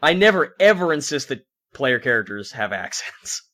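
Casting: man from Canada, game master, chatty narration with filler words, bright edgy tone. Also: medium pitch, sing-song, normal speed. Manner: casual narration with frequent fillers.

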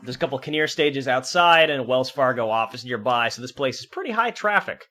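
A man's voice: medium pitch, animated, fairly quick, bright, forceful tone. A man from Canada narrating a tabletop game as game master, casual, with frequent fillers.

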